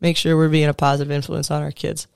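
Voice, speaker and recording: Earnest thirty-something male coach, even tone. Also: on the high side, quick pace, gravelly, smooth, dry recording, studio quality. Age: 30s. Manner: earnest and conversational, with casual fillers and restarts. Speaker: sports coach speaking to fellow coaches. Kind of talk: motivational talk.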